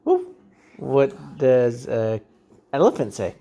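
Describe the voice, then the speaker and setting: A man's voice: medium pitch, very animated, takes it slowly, creaky, dark tone. A young man, a parent at home, playfully coaxing a toddler with sing-song questions in a home video.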